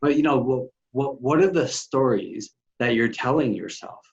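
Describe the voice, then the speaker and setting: A man's voice: mid-range voice, moderate pace. A man hosting a podcast, a coach who speaks earnestly and encouragingly to his guest. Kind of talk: casual interview talk. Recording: slightly dull audio.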